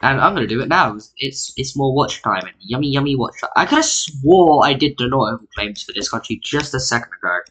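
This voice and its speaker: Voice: medium pitch, animated, a little fast, hardly any pauses, fairly bright tone. A mapping YouTuber narrating an alternate history in casual, rambling, self-mocking commentary, full of "like" fillers, sounding tired. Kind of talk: casual screen-recorded commentary.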